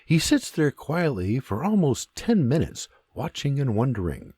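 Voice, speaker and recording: Husky man narrating an audiobook slowly. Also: medium pitch, dry recording, studio quality. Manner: unhurried, expressive storytelling.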